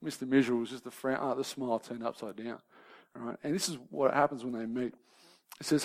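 A man's voice: mid-range voice, a little fast. Man preaching a sermon. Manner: conversational, checks in with the congregation; shifts from lively banter to soft, grave questions.

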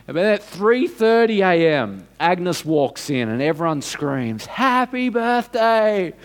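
A man preaching a sermon, telling a story in an unhurried, dramatic way and building to emphatic points. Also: fairly high pitch, lively intonation.

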